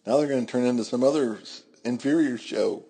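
A man's voice: medium pitch, fairly quick, gravelly, dark tone, slightly rough. A man co-hosting a comedy podcast, bantering playfully and slipping into mock-announcer patter. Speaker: podcast co-host.

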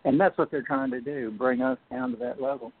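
A man talking as a radio guest over the phone, halting, with many restarts and fillers. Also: a little high, sing-song, creaky, breathy edge. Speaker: guest, film producer. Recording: tinny phone line.

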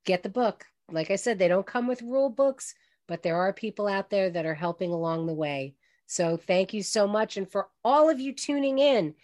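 A woman's voice: medium pitch, a little mellow. An older woman hosting an online radio talk show, telling heartfelt personal stories to her guest.

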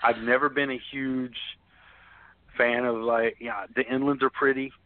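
A man chats as a podcast guest, telling lively stories with plenty of laughs and casual swearing. His voice comes through a thin, phone-like line that sounds dry and close, with no room echo. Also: mid-range voice, unhurried. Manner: animated, laughing storyteller who swears freely. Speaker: podcast guest, snake keeper. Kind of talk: casual storytelling chat.

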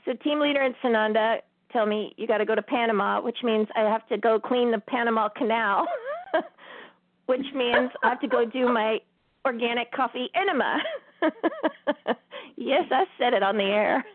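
A woman with a high voice tells a story at an unhurried pace and keeps breaking into laughter. She hosts a spiritual talk show. The sound is tinny and dry, as if it came over a phone line. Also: dry recording. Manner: laughs often while telling a story. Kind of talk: casual storytelling on air.

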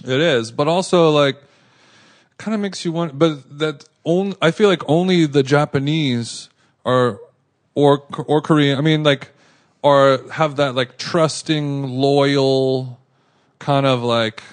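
A man's voice: a little high, slow. Man telling a rambling story. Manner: rambling, animated anecdote with acted quotes. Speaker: podcast co-host. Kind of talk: casual storytelling chat.

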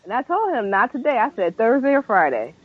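A woman co-hosting a podcast, making relaxed, chatty asides in casual conversation. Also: fairly high pitch, a little fast. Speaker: podcast co-host. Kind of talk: casual chat. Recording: muffled lo-fi audio with clear background noise.

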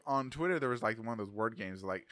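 A middle-aged man in loose, crude podcast banter. He swears constantly and rambles with a lot of laughter, and his pitch swings widely. The sound is close and dry. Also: animated, fast, a bit bright, no room sound. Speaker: podcast co-host.

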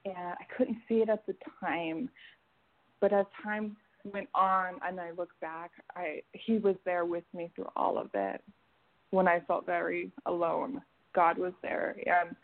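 A woman caller giving an earnest, emotional religious testimony, with halting restarts. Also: mid-range voice. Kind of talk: religious testimony on a phone prayer line. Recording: tinny phone line.

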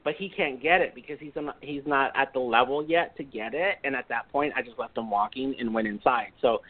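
A man's voice: mid-range voice, brisk. A man co-hosting a talk podcast, chatting in a blunt, joking way. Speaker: podcast co-host. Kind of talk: casual chat. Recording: tinny phone-like sound.

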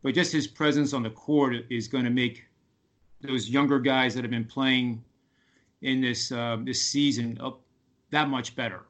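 A man with a steady, mid-range voice and a fairly bright tone guests as a sports betting analyst on a radio podcast. His casual radio talk is halting, full of fillers and restarts.

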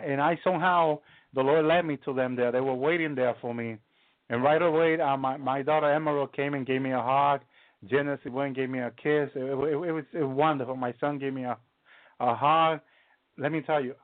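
A man preaching a live testimony, halting and restarting often and peppering his talk with hallelujah. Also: fairly high pitch, no echo. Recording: tinny phone-line sound, dry.

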